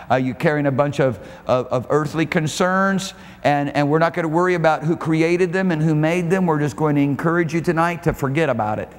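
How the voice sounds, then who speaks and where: A man preaching a sermon at a church service, fervent and emphatic, stretching out key phrases. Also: a little high. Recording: echoey church hall with faint noise.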